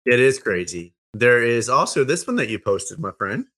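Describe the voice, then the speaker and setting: A man hosting a casual chat, upbeat and chatty, quick to laugh. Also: mid-range voice, big pitch swings, pushed and bright. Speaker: host.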